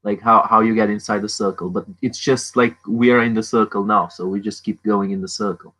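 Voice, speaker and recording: A man co-hosts a comedy podcast, laid-back and mock-profound, often tossing in "bro" and "man". His voice is bright and forward. He keeps a relaxed, drawling manner. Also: fairly low pitch, brisk, low-quality recording. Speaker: podcast co-host. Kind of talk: comedic banter.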